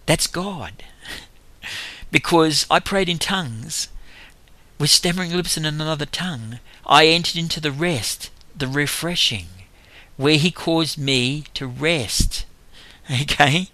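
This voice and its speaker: An older man, telling a lively testimony about his street evangelism, laughing as he goes. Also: a little high, unhurried, dry recording. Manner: animated storytelling with laughs. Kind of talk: testimony talk.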